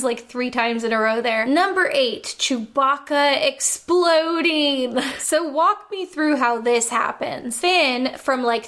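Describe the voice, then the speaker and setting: A woman's voice: high-pitched, fairly bright tone. A woman giving a casual countdown film critique in a wry, sarcastic, chatty way, with lots of "like" fillers.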